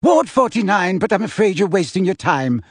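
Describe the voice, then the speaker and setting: A woman's voice: mid-range voice, sing-song, normal speed, slightly rough, dry recording, clean studio sound. A man voicing a dismissive female welcome witch at a wizard hospital, curt and impatient, in a read-aloud scene. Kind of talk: audiobook-style reading.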